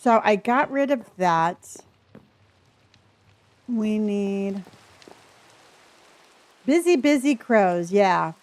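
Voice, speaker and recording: A woman's voice: medium pitch, expressive, very slow, long pauses, a little mellow. An older woman streaming a building game, chatting with her viewers and thinking aloud as she works. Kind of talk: casual live-stream chat while building.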